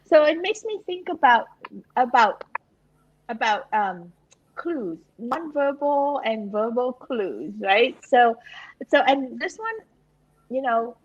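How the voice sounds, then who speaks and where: Woman with a higher voice, chatty and frank, laughs a lot between points. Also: takes it slowly, lo-fi sound. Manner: laughs often, animated, repeats words. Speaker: co-host. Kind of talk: frank casual chat.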